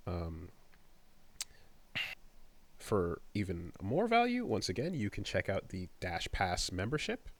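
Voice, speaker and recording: A man in his thirties co-hosting a casual podcast, rambling and trailing off with many fillers. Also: sits low. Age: 30s. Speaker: podcast co-host. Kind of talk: casual chat and host-read ad.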